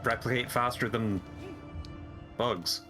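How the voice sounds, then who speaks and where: A man's voice: medium pitch, fairly even intonation, slow pace, music in the background. A man giving wry, dry commentary as a guest on a game stream.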